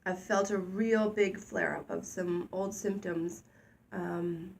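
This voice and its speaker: Candid, animated woman co-host. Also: lowish voice, slow pace, vocal fry, slight background noise. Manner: candid, animated, self-deprecating, gets loud when excited. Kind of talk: casual conversational podcast chat.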